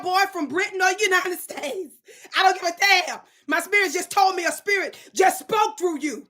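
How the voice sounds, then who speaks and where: A woman's voice: very high voice, moderate pace, bright, forceful tone. A woman hosting her own online show, talking to her live chat in an emphatic, preacher-like way and scolding commenters.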